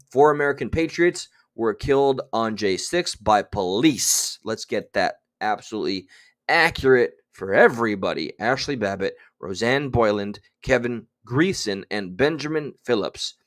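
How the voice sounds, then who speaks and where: A man hosting a casual livestream, chatting loosely and reading out viewer names. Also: on the low side. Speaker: livestream host.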